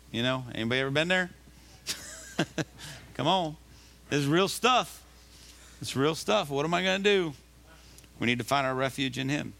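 A man's voice: mid-range voice, a bit bright, slight background noise. A male pastor preaching a sermon in a conversational style, often rising to emphatic calls to the congregation. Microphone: live recording of a church service.

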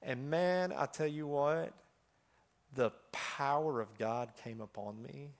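A middle-aged man preaching a sermon in a chatty style full of fillers, swinging between loud passages and hushed ones. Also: medium pitch, slow pace.

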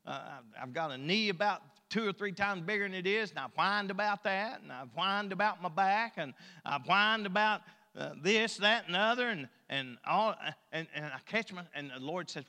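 A man's voice: sits high, expressive, normal speed. Folksy preacher man in a reverberant hall. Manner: folksy, joking, swings between loud and soft. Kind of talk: sermon.

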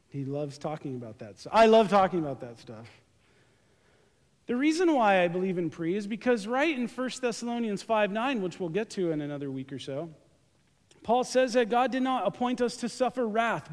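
High-voiced joking pastor in a reverberant church. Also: male voice. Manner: joking, animated, talks to the congregation directly. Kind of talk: lively conversational sermon. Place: church sanctuary during a service. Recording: live church recording with long hall reverb.

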